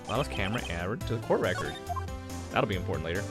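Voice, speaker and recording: Casual streamer with quiet asides. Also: low voice, lively intonation, fast, music in the background. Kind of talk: casual let's-play commentary.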